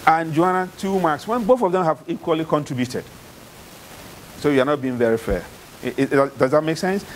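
A Ghanaian-accented man teaches a university class, his voice sitting somewhat high as he repeats key ideas and keeps checking in with the students. He quizzes them directly and waits for answers. A faint hiss runs under the recording. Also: poor audio. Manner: repetitive, checks understanding with "okay?" and calls on students. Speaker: university lecturer. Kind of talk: classroom lecture with questions to students.

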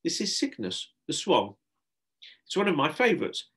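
A man's voice: wildly swooping pitch, normal speed, full character voice. A man reading aloud, voicing a cheerful, bossy woman astronaut who hosts a children's party. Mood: enthusiastic. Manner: bright, bossy teacherly voice, pitched up. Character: cheerful pink-haired woman astronaut party host, enthusiastic.

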